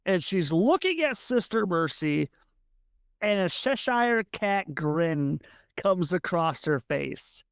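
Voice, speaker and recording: A woman game master narrating a tabletop game. She talks slowly with a lively, expressive rise and fall, on the low side of the women's range. Her descriptions come with casual fillers, and the sound is dry and close. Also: no echo.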